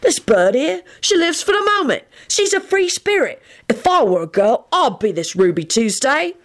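A woman voicing a brash, cheeky young man who jokes loudly and mocks everyone. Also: sits high, big pitch swings, moderate pace, voice pushed up. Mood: cocky. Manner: loud, mocking, sing-song.

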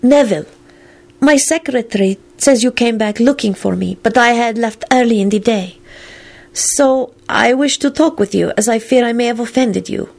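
A woman's voice: a little high, moderate pace, creaky, a little mellow, pitched above the performer's own voice. A woman reading aloud and voicing a polite, formal woman reading her own letter. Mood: courteous. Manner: formal and courteous.

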